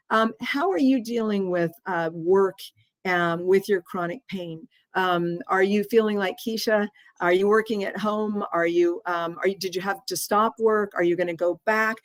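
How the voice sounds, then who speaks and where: A woman's voice: mid-range voice, normal speed, no echo. A woman in her sixties hosting an interview, speaking earnestly with frequent restarts. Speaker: host. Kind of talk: interview conversation.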